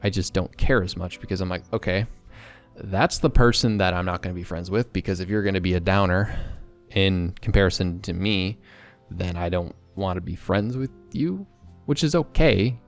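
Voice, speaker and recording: Young man, low voice, excitable, rambling, candid vlog chat. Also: faint music behind. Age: young adult. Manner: excitable, rambling, quick bursts. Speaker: vlogger.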